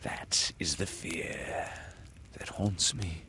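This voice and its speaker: A man reading aloud and voicing a brooding, villainous male pirate captain who speaks low and hushed. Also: big pitch swings, slow pace, slight background noise, heavily acted.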